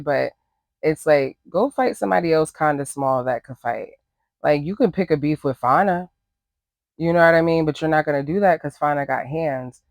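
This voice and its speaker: A man with a somewhat high voice delivers opinionated reality TV recap commentary. He talks in a sassy, animated way. The sound is close and dry, with no room echo. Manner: sassy, animated, acts out quotes in higher voices.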